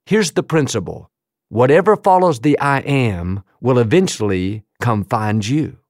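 A man delivers a sermon in an emphatic, rhythmic cadence, lingering slowly on repeated phrases. His voice sits at an ordinary middle pitch. The sound is dry and close, with no room echo. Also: lively intonation, a little mellow. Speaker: pastor.

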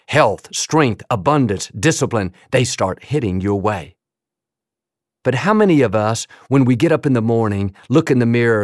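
A man preaching a sermon in a rhythmic, emphatic way, slowing down on quoted phrases. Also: medium pitch, no echo, clean studio sound. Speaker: pastor.

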